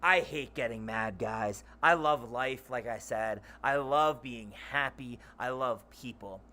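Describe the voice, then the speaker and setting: A young man hosting his channel, rambling loudly and animatedly in a casual monologue. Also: mid-range voice, a little slow. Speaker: channel host.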